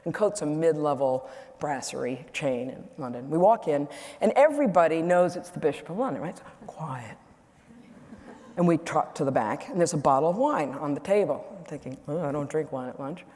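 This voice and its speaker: A woman's voice: deep voice, a little fast, few pauses. An older woman from Boston, a guest speaker telling a wry anecdote at an event and laughing often. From Boston, USA. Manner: wry, animated storyteller who laughs often. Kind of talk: humorous anecdote. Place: event hall. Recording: echoey hall, faint hiss.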